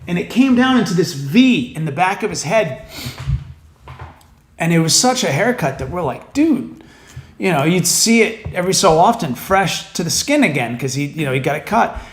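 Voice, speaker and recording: High-voiced rambling comedian. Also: male voice, expressive, normal speed. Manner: rambling, profane, full of fillers. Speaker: stand-up comedian, podcast guest. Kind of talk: casual comic storytelling. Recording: roomy echo.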